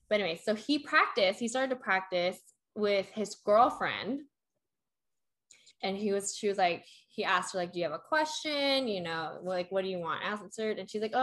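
A woman's voice: medium pitch, fairly bright tone. Young woman, rambling storyteller, lots of fillers, casual. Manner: rambling, filler-heavy storytelling with acted quotes. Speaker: storyteller in a chat. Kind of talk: casual chat.

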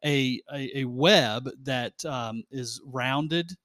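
A man's voice: medium pitch, extremely slow, a bit bright, dry recording, studio quality. A man hosting a faith-themed podcast in casual chat, rambling and laughing often. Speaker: podcast host.

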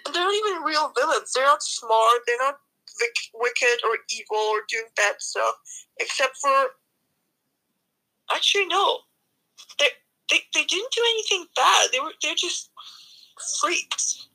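A young woman co-hosting a casual movie review chat, blunt and sarcastic in an animated way. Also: sits high, a little slow, long pauses, poor audio. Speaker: co-host.

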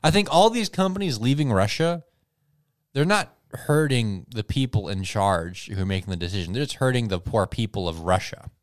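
A man's voice: lowish voice, moderate pace. A man co-hosting a casual comedic chat, joking and slipping into silly voices. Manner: joking, animated, slips into silly put-on voices. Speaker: podcast co-host.

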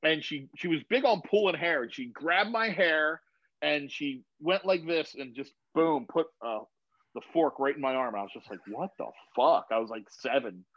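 A man in his thirties, a lively storyteller who swears freely and mimics the people he quotes. His voice sits a little high for a man and is dry and close, with a dull, slightly lo-fi sound. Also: moderate pace, no echo. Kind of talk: casual chat. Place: home garage.

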